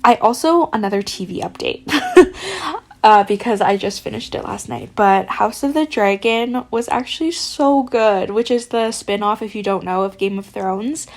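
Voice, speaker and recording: A woman's voice: medium pitch, lively intonation, moderate pace. A young woman hosting a podcast, chatting casually and retelling a spooky story with lots of filler words. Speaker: podcast host.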